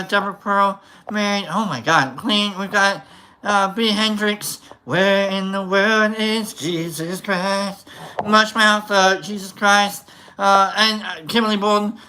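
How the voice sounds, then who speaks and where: A livestream host giving casual, rambling shout-outs to viewers, joking around. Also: medium pitch. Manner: jokey, rambling, tries silly voices.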